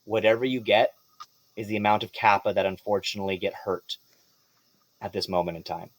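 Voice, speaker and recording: A man narrating as game master of a tabletop game, animated and swearing freely. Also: fairly low pitch, fairly quick.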